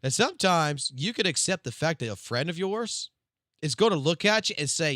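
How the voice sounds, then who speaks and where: On a live stream, a young Cajun-accented man from South Louisiana rants casually, swearing freely and veering from loud and emphatic to low-key. His bright, animated voice jumps up and down in pitch at a normal speed, captured dry and close without echo.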